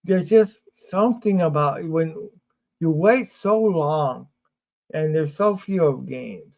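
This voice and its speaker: Man, sleepy, rambling sports host, slow talker, dull lo-fi stream sound. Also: on the high side, animated, vocal fry, darkish tone. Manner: rambling, many fillers and restarts. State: sleepy, yawning. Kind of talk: casual livestream sports talk.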